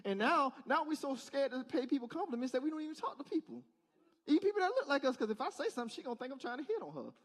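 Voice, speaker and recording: A man's voice: extremely high pitch, big pitch swings, very fast. A male pastor giving a conversational sermon in church, asking the congregation rhetorical questions in a casual, direct way. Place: church service.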